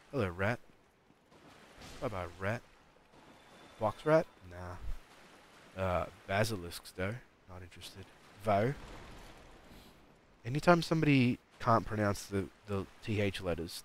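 Low-voiced guy rambling while he streams a game, mumbly, bit of hiss behind. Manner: mumbling, rambling, talks back at enemies. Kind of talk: live gameplay commentary.

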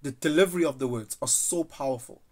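A man's voice: fairly high pitch, quick pace, a little mellow. A young man talking through his thoughts in a casual, rambling monologue, earnest and loose, slipping into quoted voices now and then. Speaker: vlogger.

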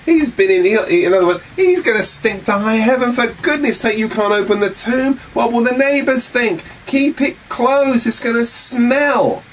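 A man voicing a fretful, fussy woman, the sister of a dead man, in a shrill, flustered, scolding voice. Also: expressive, normal speed, few pauses, recorded from a distance, rough recording. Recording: faint hum, mic set back.

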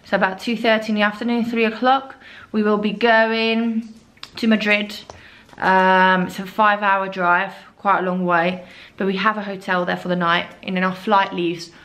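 A woman's voice: medium pitch, fairly bright tone. A woman vlogging casually to a camera in her bedroom, chatty and rambling, sometimes turning to talk to her dogs. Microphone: camera set up in the room.

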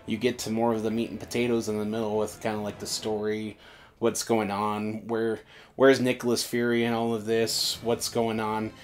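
A man's voice: lowish voice, monotone, moderate pace. A man co-hosting a casual fan chat, rambling with many restarts and "uh"s. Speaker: co-host.

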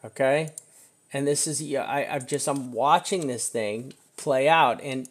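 A man giving casual, emphatic commentary on market charts, often checking in with "right?" and venting frustration now and then. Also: medium pitch. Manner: chatty, emphatic, keeps asking "right?"; frustrated outbursts. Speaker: crypto chart analyst. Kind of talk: screen-share market commentary.

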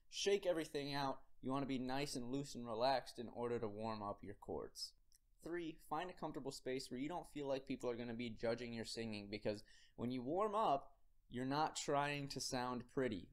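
Guy teaching a singing warm-up, upbeat and direct, regular middle voice. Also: mid-range voice. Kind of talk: vocal warm-up tutorial.

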